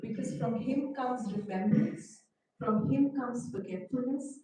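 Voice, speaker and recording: A woman's voice: a little high, measured pace, mellow, slight background noise. A woman giving a scripture class, telling a story and often asking the listeners questions. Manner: storytelling, asks the audience questions. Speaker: class speaker. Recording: echoey hall, mic far off.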